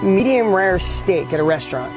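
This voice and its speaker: A woman's voice: medium pitch, animated, moderate pace, low-quality recording. A woman giving a blunt, emphatic motivational talk. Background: loud music.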